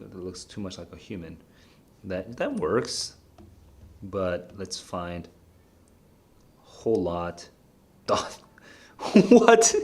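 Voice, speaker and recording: A man's voice: low-pitched, breathy edge. A young man solving test questions aloud as a tutor streamer, laughing often, muttering as he reads and exclaiming "dude".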